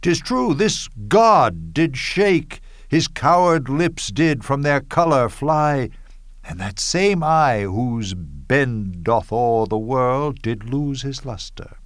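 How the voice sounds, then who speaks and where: A bitter, scheming Roman nobleman, acted by a man in a Shakespearean verse drama. He speaks slowly and declaims each line, with sudden bursts of scorn. The voice sits in a middle register and is recorded close and dry. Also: mid-range voice, lively intonation, no echo. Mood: scornful.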